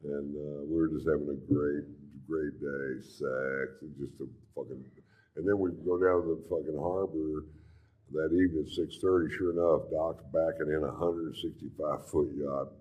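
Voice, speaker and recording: A man's voice: rumbling low, fairly even intonation, moderate pace, mellow. A middle-aged man doing stand-up, telling a long story in a laid-back, profane drawl. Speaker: stand-up comedian.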